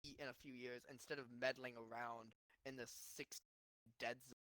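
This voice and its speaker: A man's voice: mid-range voice, little pitch movement, moderate pace, bright, forceful tone, smooth, poor audio. A man acting as league commissioner, rambling through casual fantasy football chat with many restarts.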